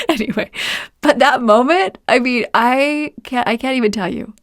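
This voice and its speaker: A woman's voice: high-pitched, moderate pace, no echo, clean studio sound. A woman in her forties hosting a podcast, telling a personal story in a chatty way and often laughing. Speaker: podcast host.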